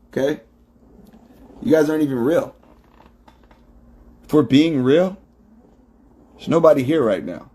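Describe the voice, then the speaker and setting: A man's voice: a little high, a little slow, long pauses, darkish tone, slightly rough. A man hosting a livestream, talking in a profane, emphatic, preachy monologue into his phone. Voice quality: heavy swearing, emphatic and preachy. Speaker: livestream host.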